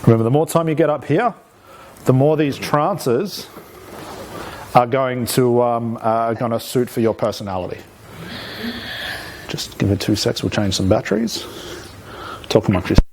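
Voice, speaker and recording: A man teaching a live hypnosis workshop to a room, energetic and often checking in with "okay?". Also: medium pitch, moderate pace, long pauses, slight background noise. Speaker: hypnosis trainer. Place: training room with an audience.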